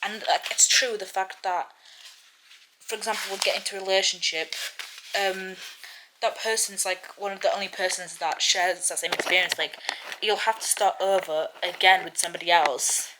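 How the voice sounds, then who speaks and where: A woman's voice: medium pitch, steady tone, moderate pace. Young woman, book vlogger, rambling chatty talk, emotional about her reading, camera mic, faint hiss. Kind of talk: casual reading vlog.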